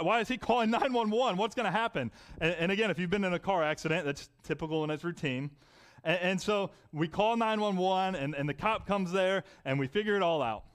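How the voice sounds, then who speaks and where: A man's voice: high voice, fairly bright tone. A young adult man preaching a sermon, conversational and telling personal stories. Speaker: pastor.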